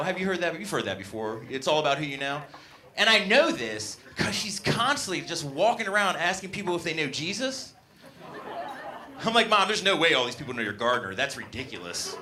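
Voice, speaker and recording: A man in his late twenties doing a stand-up comedy set on a club stage, working the crowd in a loud, upbeat way. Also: on the high side.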